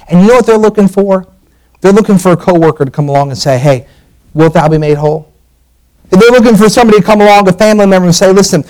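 Man, pastor, sermon, high voice, fervent, repeats himself, quotes scripture. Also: rough recording.

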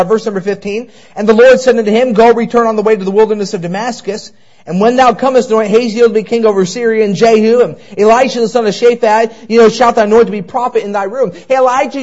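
A male preacher delivering a fervent sermon, swinging from loud exhortation to hushed asides. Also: high-pitched, muffled recording.

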